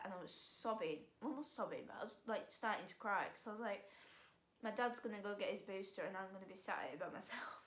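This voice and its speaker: A woman's voice: mid-range voice, a little hiss or hum. A teenage girl vlogging in a casual, rambling way, full of fillers, restarts and sighs. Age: teens. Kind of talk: casual storytelling vlog. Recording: roomy echo.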